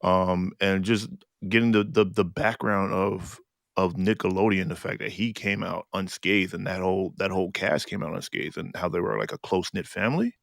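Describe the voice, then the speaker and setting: A man co-hosting a podcast, relaxed and slangy, often searching for words in casual chat. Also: low voice, normal speed, gravelly, dry recording, studio quality. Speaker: podcast co-host.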